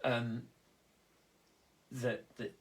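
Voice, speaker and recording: Man, earnest, halting restarts, mid-pitched voice, reflective conversation. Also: level tone. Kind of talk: reflective conversation about grief.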